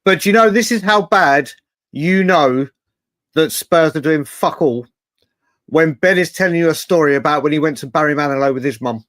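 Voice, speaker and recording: A man's voice: on the high side, moderate pace, fairly bright tone, dry recording, studio quality. A man co-hosting a casual football chat show, rambling with lots of restarts and the odd swear word. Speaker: podcast co-host.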